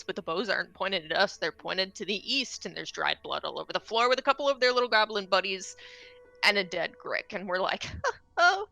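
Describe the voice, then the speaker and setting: A woman casually recapping a tabletop game session, with wry, deadpan asides. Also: mid-range voice, gravelly, no echo.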